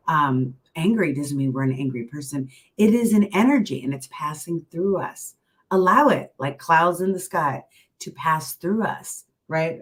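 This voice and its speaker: A woman's voice: lowish voice, a bit bright, rough recording. A middle-aged woman and keynote speaker, giving a casual, encouraging motivational talk to an online audience, full of friendly asides. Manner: chatty and encouraging, with many asides and filler phrases.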